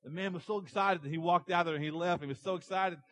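A man preaching a sermon to his church, animated as he tells stories and acts out characters. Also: high-pitched, fast, poor audio. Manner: animated storytelling, acting out characters in the parable. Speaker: pastor.

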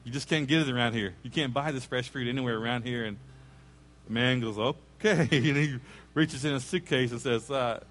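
A man preaching a sermon, telling a story with lively acted-out quotes and asides to the congregation. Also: mid-range voice, a little fast. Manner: animated storyteller, acts out quoted voices, jokes with congregation. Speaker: pastor. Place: church sanctuary.

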